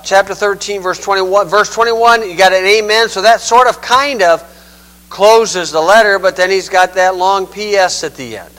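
A man's voice: high voice, fairly bright tone, low-quality recording. A man giving a conversational Bible teaching, folksy and digressive, often saying "okay".

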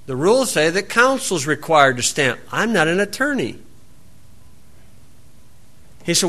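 Man, sermon, high voice, bright tone, sarcastic folksy asides. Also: big pitch swings, a little slow, long pauses. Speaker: preacher. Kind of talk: sermon, Bible reading with commentary.

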